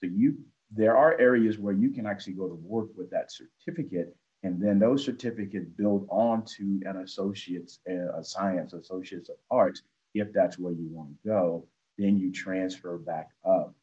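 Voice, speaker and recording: A man with a very low, mellow voice talks through ideas on a podcast panel. His delivery is measured and explanatory, with occasional ums along the way. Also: muffled recording. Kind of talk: podcast discussion.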